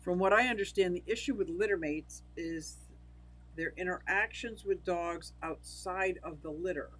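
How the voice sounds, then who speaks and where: The audio is rough as an older woman on a livestream casually reads comments, laughing often and responding to viewers by name. Her pitch is fairly low, her pace moderate, and there's a breathy edge to her voice.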